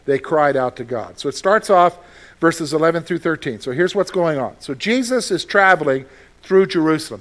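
High-voiced man preaching a sermon. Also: fairly bright tone. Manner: conversational, repeats phrases, asks the congregation questions. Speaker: pastor.

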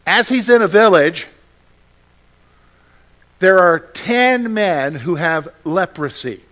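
A male pastor preaches a sermon conversationally, repeating phrases and putting questions to his congregation. His voice is high and a bit bright, with lively intonation and a slow pace.

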